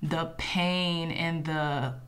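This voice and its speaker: A woman's voice: sits low, fairly even intonation, very slow, slight background noise. Earnest emotional woman tarot reader. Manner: earnest, emotional, addresses viewers as y'all. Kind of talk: pick-a-card tarot reading.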